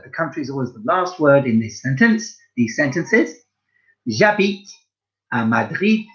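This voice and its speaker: In this clip a man with a fairly high voice teaches French to young primary pupils at home, speaking right to them with lots of praise. His manner is lively and encouraging, though the recording loses its high frequencies.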